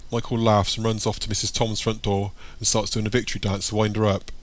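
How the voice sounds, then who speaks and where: A man narrating an audiobook in a plain, steady reading voice. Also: fairly low pitch.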